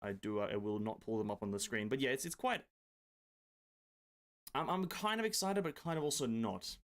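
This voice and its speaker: A man's voice: mid-range voice, lively intonation, moderate pace, fairly bright tone. A man streaming games from his home desk, chatting casually, answering viewers and joking around with the odd swear word. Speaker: gaming streamer. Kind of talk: casual live-stream chat.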